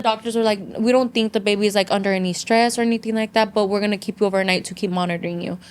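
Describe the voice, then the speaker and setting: Young woman on a podcast telling a story, flips between english and spanish, lots of "like", earnest and emotional, average pitch. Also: clean tone. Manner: mixes English and Spanish freely, many "like" fillers; earnest emotional retelling, near tears. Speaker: podcast guest. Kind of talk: casual storytelling chat.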